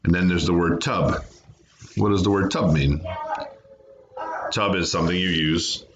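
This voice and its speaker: A man's voice: low-pitched, fairly even intonation, a little slow, lo-fi sound, background noise. A man teaching a remote phonics lesson to children, patiently sounding out words and syllables. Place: home, away from classroom.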